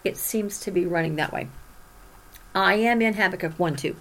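A woman's voice: fairly low pitch, moderate pace. A woman teaching from the Bible, reading scripture aloud and explaining it with dramatic emphasis. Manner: animated, dramatic emphasis when reading prophets' cries.

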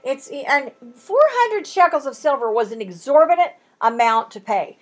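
A woman teaching a Bible study in an animated way, acting out the bargaining in quoted voices. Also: sits high, moderate pace. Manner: lively, acts out the haggling in quoted voices.

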